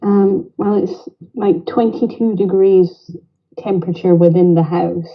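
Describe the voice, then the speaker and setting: A woman's voice: on the low side, steady tone, measured pace. A woman with a Greater Manchester accent, chatting casually as a caller from outdoors in her garden. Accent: Northern English, Greater Manchester. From England. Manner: chatty, laughs easily. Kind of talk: casual chat. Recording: dull lo-fi call audio.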